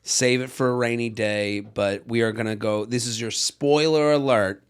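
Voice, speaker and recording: A man in his thirties co-hosting a podcast, recapping a reality show in casual chat with quick, animated asides. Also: mid-range voice, clean tone. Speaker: podcast co-host.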